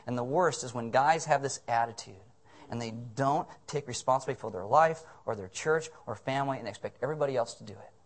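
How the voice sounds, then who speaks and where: A man's voice: medium pitch, fast. A man preaching a sermon with punch and humor. He drives each point home by repeating it, then eases off with a joke before pressing on. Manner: emphatic and jokey, repeats key phrases. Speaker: pastor.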